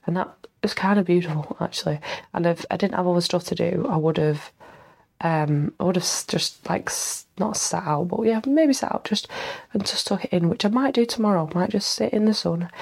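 A woman's voice: lowish voice, gravelly, a little mellow. A young woman hosting a casual solo podcast, rambling and self-mocking, a little stuffed up with a cold and tired. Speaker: podcast host.

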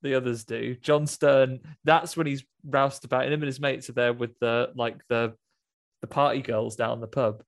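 A man's voice: medium pitch, fairly even intonation, normal speed, creaky. A man casually recapping a film plot, rambling with restarts and acted-out quotes. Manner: rambling, laughing, full of restarts and quoted voices.

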